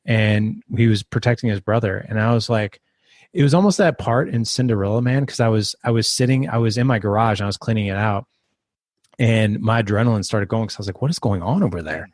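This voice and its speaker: Low-voiced man telling a story. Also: a little fast, no echo, clean studio sound. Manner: rambling, restarts, animated when quoting. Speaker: podcast guest. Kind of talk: casual storytelling interview.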